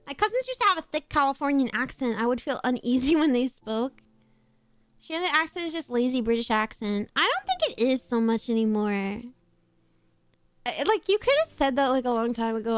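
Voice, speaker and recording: A woman chatting casually while playing a game on stream, rambling through quick asides and laughing often. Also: sits high, no echo. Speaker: VTuber streamer. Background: faint background music.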